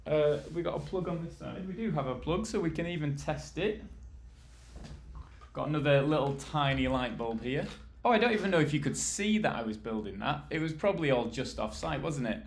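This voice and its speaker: A man's voice: fairly high pitch, expressive, brisk, a little hiss or hum. A British man from the UK chatting casually with viewers on a live stream, rambling and laughing easily while he assembles furniture and moves around. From United Kingdom.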